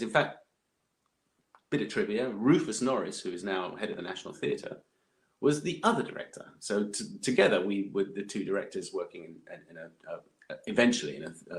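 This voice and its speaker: A man, chatting as a podcast guest, rambling with many fillers and restarts. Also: deep voice. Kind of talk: casual interview chat.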